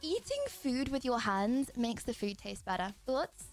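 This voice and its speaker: A woman's voice: fairly high pitch, sing-song, measured pace. A young woman in her twenties with an English accent, a streamer rambling and giggling as she chats casually with viewers. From England. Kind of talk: casual live-stream chat. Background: quiet music.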